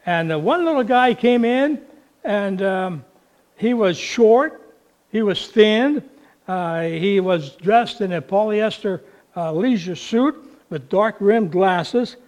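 A male pastor preaching a sermon in an unhurried, folksy way, telling a story with fillers along the way. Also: high voice.

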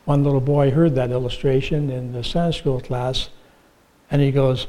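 A man preaching a sermon, telling illustrative stories and asking the congregation questions, with frequent "uh" pauses. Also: medium pitch, steady tone, warm tone, poor audio. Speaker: pastor.

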